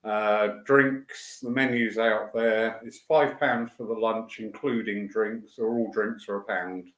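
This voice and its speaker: A man's voice: fairly low pitch, fairly even intonation, slow pace, a bit bright, reverberant. A man who organizes church events, running through the day's programme in a chatty, enthusiastic way with fillers and asides. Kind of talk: casual spoken announcements. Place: church hall.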